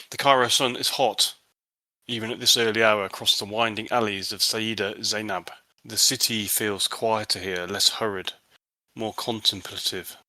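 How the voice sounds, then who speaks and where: Bright-voiced male game master narrating. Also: fairly low pitch, dry recording. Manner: descriptive, unhurried narration with small slips.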